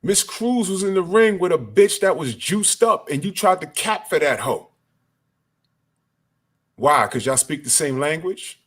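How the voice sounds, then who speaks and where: A man's voice: fairly high pitch, expressive, a little slow, a bit bright. A man giving an angry, profane rant as a boxing commentator. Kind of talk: ranting commentary.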